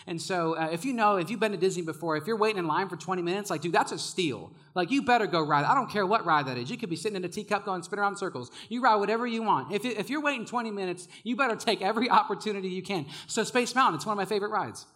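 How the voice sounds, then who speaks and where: A young male preacher with a high-pitched voice and a bright, forceful edge. He tells casual stories to his congregation with lots of energy and frequent laughter. He shouts when he gets carried away. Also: rapid-fire, hardly any pauses. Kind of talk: sermon.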